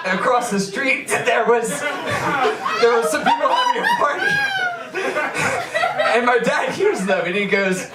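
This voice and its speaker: A man's voice: high voice, wildly swooping pitch, a little slow. Man laughing through a stand-up set. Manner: laughing through pain, yelping when shocked. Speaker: stand-up comedian. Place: small comedy venue with audience. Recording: echoey room, far from mic, loud crowd. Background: audience laughter.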